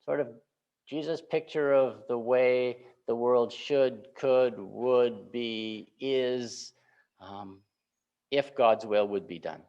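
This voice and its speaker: A man's voice: medium pitch, slow, a little mellow. Male pastor preaching in a chatty way. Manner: informal, keeps asking "right?" to check in with listeners. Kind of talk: conversational sermon. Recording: dull lo-fi recording.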